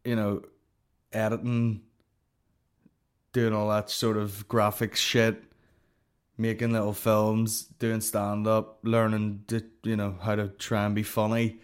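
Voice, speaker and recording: A young man hosting a comedy podcast, telling a story in a profane, animated rant full of fillers. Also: on the low side, slow, pauses often, clear, resonant tone.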